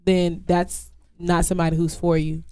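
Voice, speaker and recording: A woman's voice: fairly low pitch, level tone, normal speed, darkish tone, clean tone, no room sound, studio quality. A woman in a casual group discussion, arguing her point emphatically and restarting her sentences.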